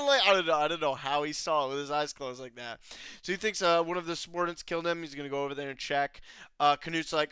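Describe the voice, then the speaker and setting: A man's voice: fairly high pitch, animated, normal speed, bright, forceful tone, clean tone, no echo. A young man casually recapping an anime episode, rambling with lots of fillers, swearing and laughing. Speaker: anime reviewer.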